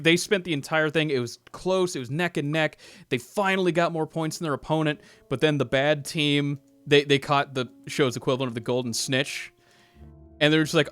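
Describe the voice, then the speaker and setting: Animated man streaming a game. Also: fairly high pitch. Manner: animated, laughs often, reads game dialogue aloud. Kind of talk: casual game commentary with chat.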